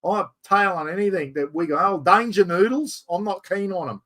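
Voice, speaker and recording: Man, Australian accent, middle-aged, yarn-spinning host, slightly high voice. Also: brisk. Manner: yarn-spinning, animated storyteller. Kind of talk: casual chat.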